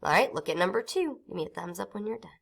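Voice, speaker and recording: A woman teaching a phonics lesson to young children, sounding out syllables slowly and clearly. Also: medium pitch, animated, a bit bright. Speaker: reading teacher.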